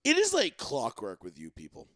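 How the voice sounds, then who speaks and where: A man's voice: medium pitch, huge pitch swings, normal speed, fairly bright tone, no room sound. A man hosting a casual sports talk podcast, ranting and swearing, mocking fans, into a close mic. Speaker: podcast host.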